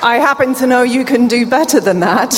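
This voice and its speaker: High-voiced British woman with a deaf accent. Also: brisk, very noisy. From England. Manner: chatty and playful, engaging the crowd. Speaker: keynote speaker. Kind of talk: conference keynote speech. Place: large conference hall. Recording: echoey hall, amplified speech.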